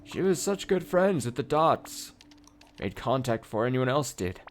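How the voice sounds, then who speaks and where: A wistful, elderly grandfather, as a man puts him on while reading a game aloud, raising his voice a few steps above its usual low register. He tells his memories slowly and tenderly, lingering on the words. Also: big pitch swings, slight background noise, natural voice.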